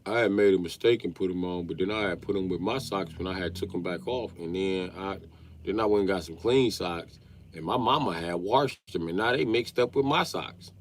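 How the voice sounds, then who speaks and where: A man, ranting comically about family life in a stand-up style, swinging from muttering to yelling. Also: sits low, fairly quick, a little hiss or hum. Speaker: comedian. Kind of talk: stand-up style comedic rant.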